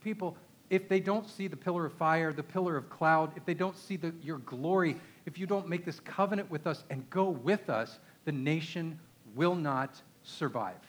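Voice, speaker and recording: A man's voice: fairly high pitch, moderate pace. A man with a Texan accent preaching a conversational sermon, emphatic and often asking his listeners rhetorical questions. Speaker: pastor.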